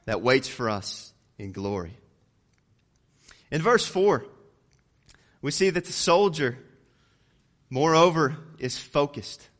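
During a sermon, a man reads scripture and builds toward loud, emphatic peaks. He then drops low to stress key words.

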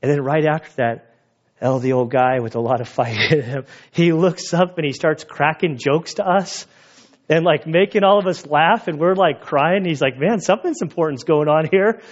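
A man's voice: on the high side, normal speed, dull audio. A male pastor preaching a sermon outdoors, telling stories in a conversational, sometimes emotional way. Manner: conversational storytelling, emotional at times. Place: outdoor church gathering.

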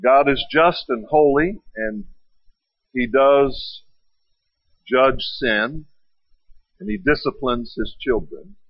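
A man's voice: mid-range voice, lively intonation, slow pace, long pauses, no room sound. A man preaching a sermon, retelling stories with rhetorical questions and acted-out quotes. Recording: dry, dull lo-fi sound.

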